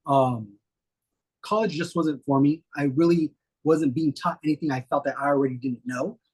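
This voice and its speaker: A middle-aged man, a guest, telling stories in a relaxed, rambling way with many fillers. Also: on the high side, normal speed, breathy edge. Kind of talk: casual storytelling interview.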